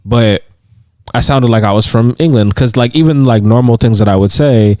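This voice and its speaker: A man's voice: mid-range voice, moderate pace, a little mellow, dry recording, clean studio sound. A man co-hosting a podcast in casual chat, rambling with plenty of "like" fillers and frequent laughs. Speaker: podcast co-host. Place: indoors on a couch.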